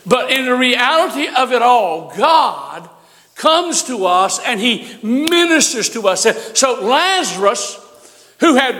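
An older male preacher with a very high, bright voice tells stories from the pulpit, folksy and humorous. His words ring out in a church sanctuary with a long reverb trailing behind them. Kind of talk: sermon.

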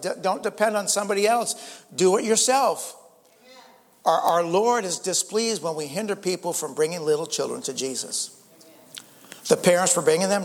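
A man's voice: a little high, big-room sound. An older man preaching a sermon as pastor, earnest, often repeating words and rising for emphasis. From United States.

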